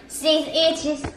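A soft-spoken woman co-hosting a casual food vlog, trading sulky comebacks. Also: very high voice, a little hiss or hum. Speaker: co-host. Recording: echoey room. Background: music.

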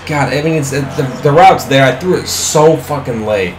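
A young man giving live, excitable commentary on his own football video game, swearing freely and talking at the screen. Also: medium pitch, normal speed, few pauses, reverberant, music in the background. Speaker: gaming commentator.

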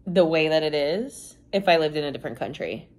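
A woman's voice: sits low, expressive, a little fast, darkish tone. Candid rambling young woman vlogger. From United States. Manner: rambling, heavy use of "like" and "you know"; candid, swears casually. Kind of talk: casual confessional chat to camera.

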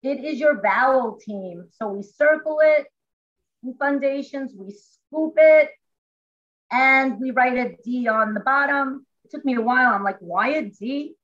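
Chatty teacher woman, fairly high voice. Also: normal speed, dull audio. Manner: animated, chatty, explains step by step. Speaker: classroom teacher. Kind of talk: informal teaching demonstration. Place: at home.

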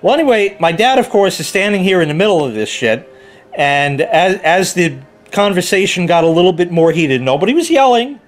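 A man's voice: high voice, sing-song, a little fast, faint music behind. Heated, swearing man on a rant. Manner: heated, profane, quoting others in put-on voices. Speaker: car hobbyist vlogger. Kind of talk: angry ranting story.

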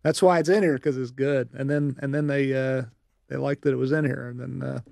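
A man's voice: mid-range voice, fairly even intonation, brisk, gravelly, darkish tone, no echo, clean studio sound. A man on an audio commentary who talks casually and hesitantly, with many fillers and restarts and frequent laughter.

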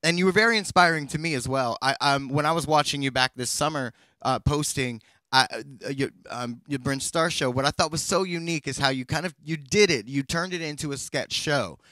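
A man's voice: fairly high pitch, fairly quick, few pauses, pushed and bright, dry recording. A man hosting a casual interview, rambling and restarting his questions with enthusiasm. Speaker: host.

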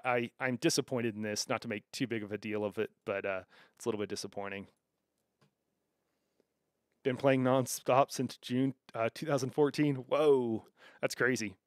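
A man's voice: mid-range voice, no room sound, clean studio sound. A man streaming a game, talking casually with viewers and reacting to their chat, with many fillers and restarts. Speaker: gaming streamer. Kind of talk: casual live-stream commentary.

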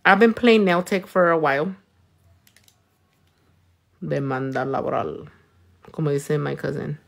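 A woman's voice: low-pitched, fairly even intonation, measured pace, creaky. Bilingual nail tech woman, playful. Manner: bilingual code-switching, crude and playful, frequent loud laughs. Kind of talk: casual livestream chat while doing nails.

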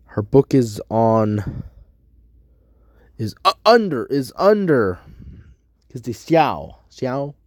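A man rambling to his viewers while he works through a language lesson, haltingly repeating words and correcting himself. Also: medium pitch, big pitch swings, no echo, studio quality. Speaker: vlogger. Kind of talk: rambling commentary while doing a language app.

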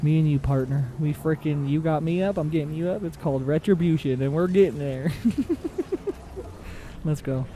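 A man giving excitable, casual commentary on his own gameplay, repeating short phrases and shouting in tense moments. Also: on the high side, normal speed, a little hiss or hum. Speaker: gaming channel host.

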